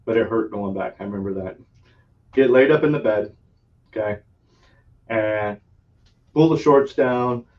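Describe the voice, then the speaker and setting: The podcast host here has a lowish voice and takes his time, with long pauses. He tells a long, rambling story in casual chat, laughing frequently and swearing freely, in a recording that sounds distant, dull and lo-fi.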